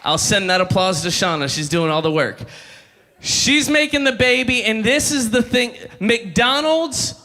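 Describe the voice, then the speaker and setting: High, bright-voiced joking preacher man. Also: expressive, unhurried. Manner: joking storyteller, calls for crowd responses. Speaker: youth ministry speaker. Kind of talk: humorous youth sermon. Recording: long hall reverb.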